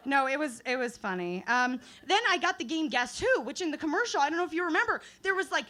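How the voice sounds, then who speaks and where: A young woman working through a stand-up set at an open mic night. Her voice sits high and sounds bright and sharp. She tells self-deprecating stories loosely, with fillers, restarts and laughter. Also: big pitch swings, quick pace. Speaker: stand-up comedian.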